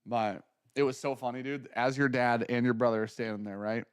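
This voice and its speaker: A man co-hosting a casual talk stream, animated and acting out the people in his stories. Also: mid-range voice, a little fast, clean tone, dry recording, studio quality. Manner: animated storyteller, acts out quotes. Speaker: podcast co-host. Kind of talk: casual chat.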